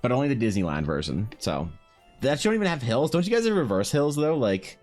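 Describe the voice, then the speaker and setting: A man's voice: medium pitch, huge pitch swings, fairly quick, darkish tone, soft background music. A man, chatting on a livestream in a joking, slangy way, swearing and laughing. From Canada. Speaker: art streamer. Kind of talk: casual livestream chat.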